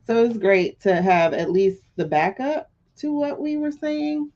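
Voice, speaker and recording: A woman's voice: a little high, lively intonation, moderate pace, few pauses, darkish tone, muffled recording. A woman hosting a live tarot stream, chatting casually and bluntly with her viewers. She swears freely and laughs often.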